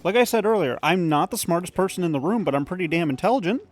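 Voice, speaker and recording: Male let's-play host, slightly high, chatty and opinionated, faint game music underneath. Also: lively intonation, fast talker. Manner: rambling, opinionated, swears casually. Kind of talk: casual gameplay commentary.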